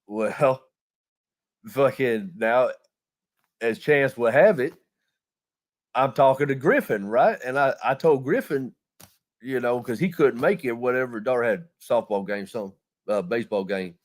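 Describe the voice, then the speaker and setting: A man's voice: medium pitch, unhurried, long pauses. A man telling a long, profane, rambling story in casual chat, laughing as he goes. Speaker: podcast host.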